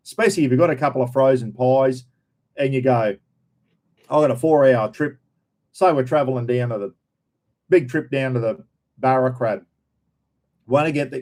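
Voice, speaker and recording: A man's voice: mid-range voice, warm tone. A middle-aged man with an Australian accent, hosting a casual livestream chat, rambling, repeating himself and greeting viewers. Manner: rambling, repeats himself, says "everyone" and "bloody". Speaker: livestream host. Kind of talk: casual live chat reading viewer names.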